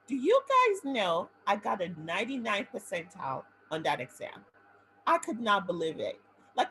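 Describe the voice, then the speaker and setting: A woman doctor talks through a webinar, telling her own story and turning to her audience with "right?" again and again. Her pitch swings widely up and down. A faint hum sits in the background. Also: moderate pace, low-quality recording. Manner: animated storytelling with frequent "right?" checks to the audience. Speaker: physician and webinar presenter. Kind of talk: motivational webinar talk.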